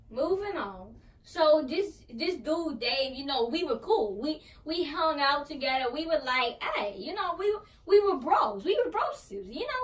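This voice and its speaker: A woman voicing a boastful male cartoon tiger who tells a rambling, slangy storytime with a stuffed toy, calling people fool and bro. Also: high-pitched. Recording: voice distant from the mic.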